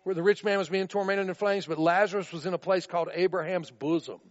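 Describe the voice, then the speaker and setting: A man with a high voice preaches in a relaxed, conversational style, often checking in with his listeners. The recording is dull and muffled. His words ring out in the long reverb of a large room. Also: fast talker. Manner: conversational, asks listeners "right?". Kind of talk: sermon.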